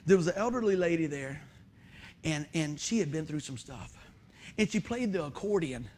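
Preacher guy, high voice, animated, laughing through a funny story in his sermon. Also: moderate pace. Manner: animated, often laughing while telling the story. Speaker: preacher and musician. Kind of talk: sermon with a humorous personal story.

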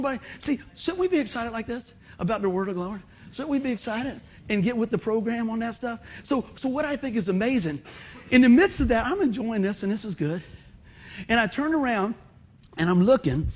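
Preacher guy, high voice, folksy, jokes around with the church, gets loud acting stuff out. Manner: animated storytelling, acts out shouts and exclamations; folksy and conversational, jokes with the congregation. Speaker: pastor. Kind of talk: sermon.

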